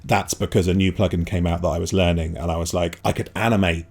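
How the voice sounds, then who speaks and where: A man in his thirties with a deep, husky voice talks about his work as an animator. He rambles and restarts, fills gaps with "like", and pokes fun at himself. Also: flat delivery, quick pace, darkish tone. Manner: rambling, self-deprecating, many fillers. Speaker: animator guest. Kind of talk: casual podcast chat.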